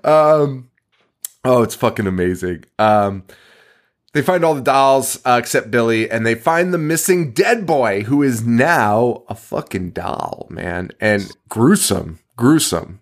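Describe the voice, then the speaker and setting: Animated, laughing man recapping a movie. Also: mid-range voice, slow. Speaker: podcast host.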